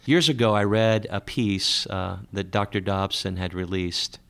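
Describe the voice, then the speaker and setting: Gravelly-voiced radio talk show host. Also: male voice, low voice, unhurried, a bit bright. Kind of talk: conversational radio interview.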